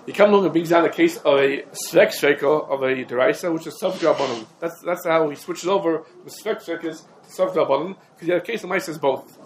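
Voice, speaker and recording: A man teaching a Torah class, talking quickly and emphatically, his explanations dense with Hebrew and Aramaic legal terms. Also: fairly high pitch, slight background noise, rough recording. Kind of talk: rapid halachic lecture.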